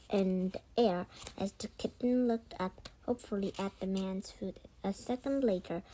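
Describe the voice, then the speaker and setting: Woman narrator reading a kids' book, slow and self-correcting. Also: mid-range voice, a little mellow, a little hiss or hum, rough recording. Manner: unhurried, with frequent slips and self-corrections. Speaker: read-aloud narrator. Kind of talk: reading a children's book aloud.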